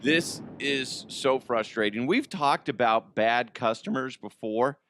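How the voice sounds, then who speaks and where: A man's voice: mid-range voice, slow pace, fairly bright tone, slight background noise. A man hosting a comedic news podcast in a casual, joking way, laughing often; he sounds like he is in his thirties and records at home. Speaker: podcast host.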